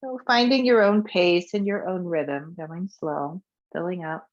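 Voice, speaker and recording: A woman yoga instructor leading a guided breathing and movement practice in a soft, calm way, her voice trailing off quietly on the exhales. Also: on the low side, a little slow, dull audio.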